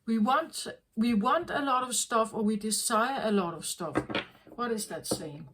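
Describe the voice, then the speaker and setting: Slow-spoken earnest woman tarot reader. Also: a little high, noisy background. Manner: slow, repetitive, earnest, self-correcting. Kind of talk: reflective spoken reading.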